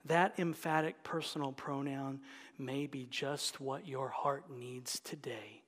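A man preaching a sermon as pastor, moving from loud emphatic stresses down to hushed near-whispers. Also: medium pitch, steady tone, slow, long reverb tail.

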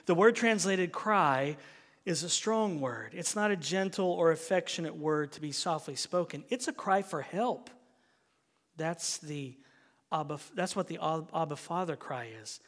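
A man preaching a sermon as pastor, earnest, his voice swelling loud and then dropping low. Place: church sanctuary. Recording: long church reverb.

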